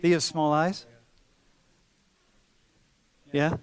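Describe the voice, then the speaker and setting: A man's voice: on the high side, little pitch movement, drawn-out words, clean tone. A man teaching a university class in a large lecture hall, talking casually and playfully, calling students dude and bro. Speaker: university professor.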